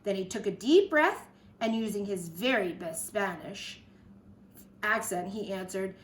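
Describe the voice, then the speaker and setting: A woman's voice: medium pitch, sing-song, normal speed, slight background noise. A woman teacher reading a picture book aloud to children, with chatty asides to the kids. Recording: echoey room.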